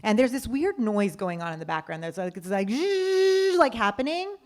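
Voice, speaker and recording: A woman co-founder telling an anecdote in an interview, acting out the voices of the people she quotes. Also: moderate pace. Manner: lively storyteller acting out quoted voices with big pitch jumps. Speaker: company co-founder, interview guest.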